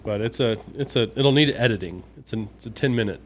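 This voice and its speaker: A man co-hosting a podcast, telling a story in a rambling, animated way with lots of restarts. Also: mid-range voice, fast talker, a little hiss or hum. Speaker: podcast co-host. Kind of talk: casual chat and storytelling.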